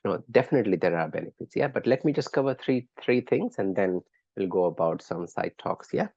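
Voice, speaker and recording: A man's voice: low voice, very animated, fairly quick, creaky, a little mellow, no echo, dull audio. A man teaching a live online class, chatting with students and quizzing them by name in an encouraging way. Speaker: lecturer.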